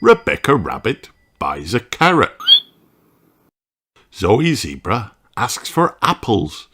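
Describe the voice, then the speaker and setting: A reader narrating a children's picture book aloud in a slow, expressive way. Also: medium pitch, husky. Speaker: storybook reader.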